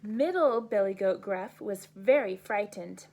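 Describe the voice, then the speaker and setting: A woman teacher reading storybooks aloud to children at bedtime, slow and gentle, sounding out every trip and trap. Her voice sits a bit high, and she never rushes.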